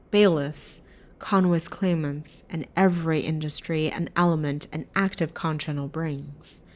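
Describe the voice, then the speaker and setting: A woman voicing a calculating, manipulative schemer in a sci-fi game, measured and persuasive. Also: sits low, a little mellow. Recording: clear background music.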